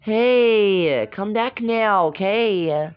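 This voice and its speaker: A woman voicing a gloomy, sulky pet dog in a deep, gravelly put-on voice for a toy play-acting video. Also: drawn-out words, highs cut off. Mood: grumbly.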